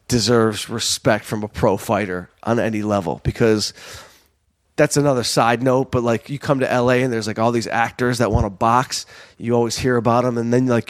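A man hosting a podcast, telling a rambling, self-mocking story in casual talk and acting out what people said. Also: mid-range voice. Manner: rambling, animated, self-mocking, acts out quotes.

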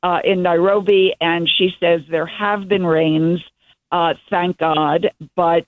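A woman's voice: on the low side, fairly even intonation, takes it slowly, no echo. Older woman on a tinny phone line. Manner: enthusiastic, meandering storytelling. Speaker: guest journalist. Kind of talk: casual interview over the phone.

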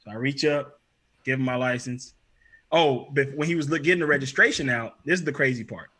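A man's voice: a little fast, breathy edge. A young man telling a story in casual chat, acting out what other people said. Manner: animated, acts out quotes with shifts in pitch and loudness.

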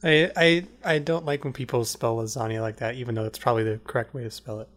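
A man with a mid-range voice chats casually as a podcast co-host. He sounds curious and explains things in a matter-of-fact way as he looks them up. The tone is relaxed and conversational. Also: mid-range voice, fast talker. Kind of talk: casual chat.

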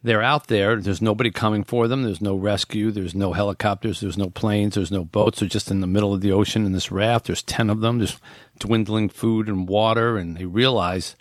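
A man with a lowish voice hosts a casual podcast and walks listeners through a story, sprinkling in ums and restarts as he goes. He sounds close to the mic in a dry, dead room. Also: fairly even intonation, moderate pace, no room sound. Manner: conversational storytelling with frequent fillers and restarts. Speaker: podcast host. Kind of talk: casual podcast, retelling a book's plot.

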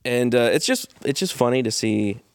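A chatty man hosting a laid-back podcast, rambling along with lots of fillers as he works his way to the point. His voice sits at an average pitch and sounds dry and close to the mic. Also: lively intonation, normal speed, smooth, dry recording. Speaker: podcast host. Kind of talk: casual chat.

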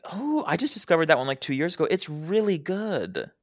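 A man chatting as a guest on a podcast, animated and playfully shady in how he talks. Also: fairly high pitch, brisk, no room sound, clean studio sound. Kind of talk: casual chat.

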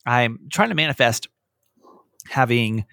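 A man hosting a radio show, chatting casually and joking in a quick, rambling way. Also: mid-range voice, lively intonation, vocal fry, sharp tone, no echo, studio quality. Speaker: radio host. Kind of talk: casual chat.

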